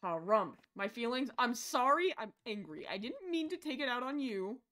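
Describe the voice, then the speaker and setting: Hot-tempered woman streamer yelling at a game. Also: a little high, expressive, brisk. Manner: swings between shouted insults and quiet mumbling; rambling, jokey chatter with chat. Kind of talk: live horror game stream commentary.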